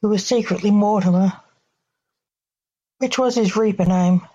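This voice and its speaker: Woman, storyteller, scripted narration, slow unhurried reading, muffled lo-fi audio. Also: medium pitch, warm tone.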